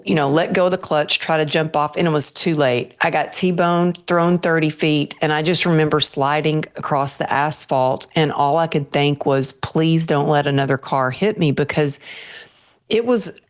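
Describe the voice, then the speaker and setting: A woman's voice: low-pitched, normal speed. A woman guest on an interview show, earnestly telling a personal story and acting out her own thoughts as she goes.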